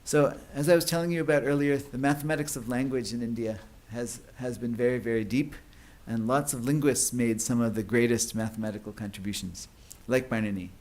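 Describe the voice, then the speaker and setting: Man, conference lecture, explanatory, frequent fillers, mid pitch. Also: steady tone, a little fast, few pauses, darkish tone. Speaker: conference speaker. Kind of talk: academic lecture.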